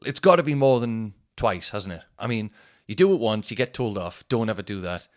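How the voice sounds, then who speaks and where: Rambling Northeast English comedian telling stories. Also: male voice, fairly low pitch, sing-song, brisk. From Northeast England. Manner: rambling, laughing, restarts often. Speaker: comedian and podcast host. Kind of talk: casual storytelling.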